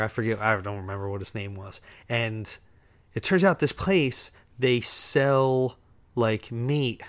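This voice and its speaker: A man hosting a show, telling rambling, self-amused stories in a casual way, chuckling as he goes. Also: medium pitch. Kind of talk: casual storytelling.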